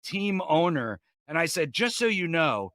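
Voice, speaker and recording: Comedian guy on a video call, bright sharp voice, brash punchy storytelling, dry sound. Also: fairly high pitch, sing-song, a little slow, no room sound. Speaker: comedian guest. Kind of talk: animated comic storytelling.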